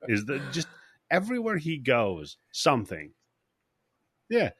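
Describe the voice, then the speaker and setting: A man's voice: medium pitch, wildly swooping pitch, measured pace, a bit bright, breathy edge, no room sound, clean studio sound. A man hosting a podcast in casual chat, recapping a film scene by scene, laughing often and slipping into voices for the characters. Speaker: podcast host.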